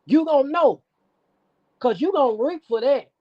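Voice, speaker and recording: A woman's voice: high voice, animated, moderate pace. A woman hosting a livestream, preaching at and scolding someone in a profane call-out rant. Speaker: stream host. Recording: dull lo-fi stream audio.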